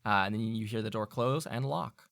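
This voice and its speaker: A man's voice: lowish voice, moderate pace, creaky, fairly bright tone, dry recording, studio quality. A man narrating a tabletop game as game master, loose and full of fillers.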